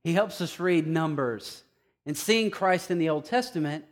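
High-pitched male preacher, casual and punchy sermon delivery. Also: normal speed. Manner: emphatic, conversational, swings between quiet and loud.

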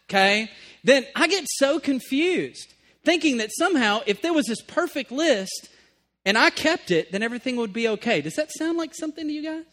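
A man with a high voice preaches to a congregation. He swings between punchy, emphatic stretches and quiet, earnest asides, and he keeps checking in with his listeners. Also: sing-song, moderate pace. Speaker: pastor. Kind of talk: sermon.

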